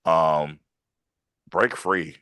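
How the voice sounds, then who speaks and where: A man hosting a casual interview podcast, animated and laughing easily, often repeating his phrases. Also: rumbling low, very slow, clear, resonant tone, no echo. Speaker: podcast host and writer.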